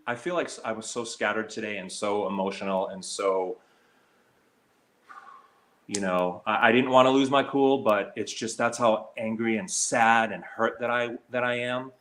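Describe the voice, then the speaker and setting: A man's voice: fairly even intonation, moderate pace, a bit bright, slight background noise. A man on a live stream, talking in a hurt and heated way, stumbling over fillers and restarts. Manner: mocks others in a shrill high voice when quoting. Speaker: slots streamer. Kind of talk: emotional live stream talk.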